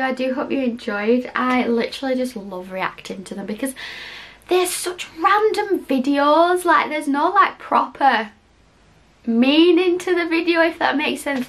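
A woman's voice: sits high, a bit bright. A young woman chatting casually at home as she reacts to clips, giggly and rambling with many "like"s. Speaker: YouTube reaction host. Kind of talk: casual reaction vlog chat. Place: home, cold room.

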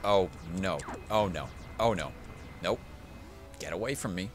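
Tipsy male gamer, low voice with wide swings, profane and rambling, over game music. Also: lively intonation, measured pace. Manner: profane, rambling, mock-dramatic pleading. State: tipsy from drinking. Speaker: let's play gamer. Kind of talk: casual let's play commentary. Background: video game music.

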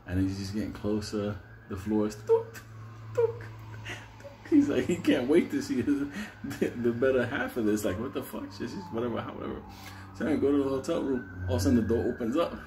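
Guy cracking up telling a dirty story, swears every other word, mid pitch, little bit of faint hiss. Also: animated, fast talker, dark tone. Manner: profane, chuckling through his story. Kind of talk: comic storytelling.

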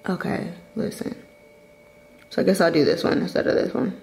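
A woman's voice: lowish voice, steady tone, moderate pace, gravelly, a little mellow, a little hiss or hum, low-quality recording. A young woman, chatting casually to the camera in a vlog and laughing often. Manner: chatty, laughs often, talks straight to viewers. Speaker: vlogger. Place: at home, then a restaurant.

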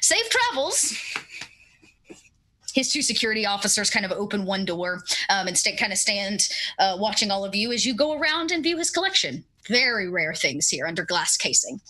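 Bright-voiced woman game master. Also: medium pitch, brisk, hardly any pauses. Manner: relaxed, many fillers, shifting pace. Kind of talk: narrating a tabletop game.

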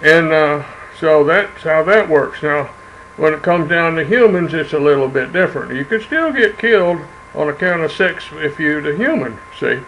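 Older male host, 70s, drawling storyteller, slightly high bright tone, faint noise behind. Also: expressive, moderate pace, lo-fi sound. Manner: rambling, drawling storyteller with many "uh"s. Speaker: commentary show host. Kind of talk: folksy monologue commentary.

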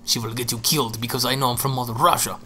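A young man giving excitable, panicky let's play commentary, repeating himself as he goes. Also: medium pitch, fast talker, slight background noise. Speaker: gaming streamer.

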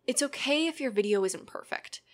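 A woman's voice: high-pitched, lively intonation, a little fast. A woman in casual chat, answering viewer questions with earnest, encouraging advice, rambling with many ums and likes.

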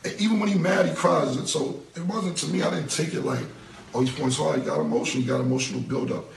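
A man's voice: fairly high pitch, fast, vocal fry, a little hiss or hum. A man in a played interview clip, talking casually and animatedly, repeating himself and swearing freely. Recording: roomy echo, distant from the mic.

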